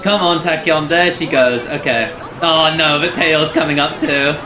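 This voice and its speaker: A streamer commentating live on a game, reacting excitably and chatting with viewers. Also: mid-range voice, measured pace, reverberant.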